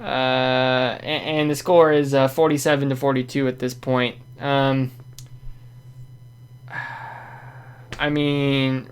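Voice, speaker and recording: A man hosting a basketball fan show, giving a casual, rambling game recap that often corrects itself and sounds frustrated. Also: mid-range voice.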